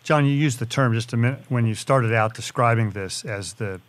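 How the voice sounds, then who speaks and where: Halting male interviewer asking long questions. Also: mid-range voice. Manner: hesitant, many restarts and fillers while framing questions. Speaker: interviewer host.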